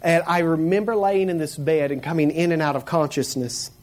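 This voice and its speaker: A man from the Florida panhandle, telling a personal story in a lively way, laughing and acting out the people in it. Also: a little high, brisk. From Florida panhandle, USA. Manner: animated, laughing, acts out the people in his story.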